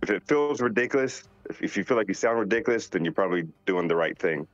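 A man from North Carolina, a voice actor reading out fan questions and answering them in a relaxed, joking way. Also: fairly low pitch, fast talker, no echo. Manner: laid-back, joking, reads questions aloud. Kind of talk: casual live Q&A. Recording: dull lo-fi sound with faint music behind. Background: faint music.

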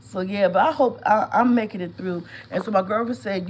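A woman in her fifties, nose stuffed up from a cold, rambles through a story on a casual home live stream. Her voice sits at a middling pitch and her talk is loose, chatty and storytelling. Faint background hiss runs underneath. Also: normal speed, a little mellow, low-quality recording. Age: 50s. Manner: chatty storytelling, greeting viewers by name. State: congested with a cold, sniffling. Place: at home, lying down.

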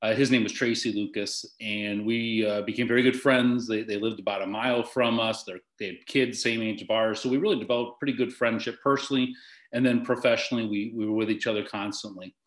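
A middle-aged man, a guest in an interview, speaking haltingly with frequent restarts and pauses. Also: lowish voice, fairly even intonation. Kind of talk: conversational interview. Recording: echoey room.

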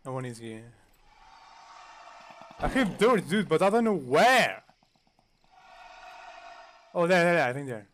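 A young man playing a multiplayer game, talking excitedly, yelling for help, cursing and saying "dude" all the time. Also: on the high side, unhurried, long pauses, slight background noise. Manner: excitable, yells for help, curses, says "dude" constantly. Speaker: gamer. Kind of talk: excited gaming commentary.

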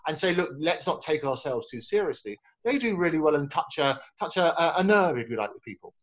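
A man hosting a casual interview and chiming in quickly, heard over a video call. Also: fairly high pitch, sing-song, dull audio. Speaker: interview host and promoter.

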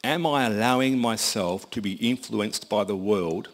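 A man's voice: on the low side, measured pace, a little hiss or hum. A man preaching a sermon in a conversational, folksy storytelling manner.

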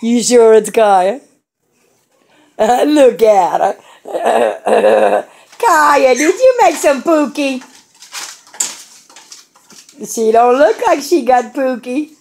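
A woman's voice: a little high, expressive, extremely slow, gravelly, pauses often, darkish tone, slight background noise. An adult woman filming her young daughters at home, laughing often and cooing and cheering at the baby. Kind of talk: casual home video commentary.

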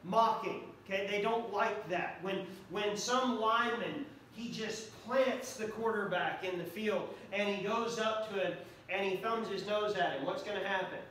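High-voiced preacher in an echoey hall. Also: male voice, a little slow, fairly bright tone, a little hiss or hum. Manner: earnest, repeats key phrases for emphasis. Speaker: pastor. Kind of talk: sermon. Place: church sanctuary. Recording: echoey church hall from far off.

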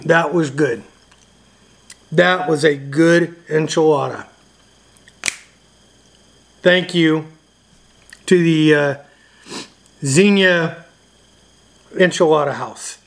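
Slow, chatty man hosting a radio show. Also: a little high, creaky, a little hiss or hum. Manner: loose and chatty, with frequent uhs. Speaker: ham radio video host. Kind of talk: casual chat to camera.

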